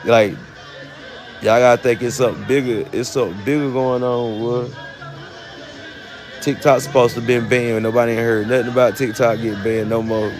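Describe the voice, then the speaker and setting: A man's voice: medium pitch, fairly even intonation, normal speed, darkish tone, some chatter behind. A man with a Southern US accent talking casually on a phone live stream, rambling with many fillers and laughs. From United States. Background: music.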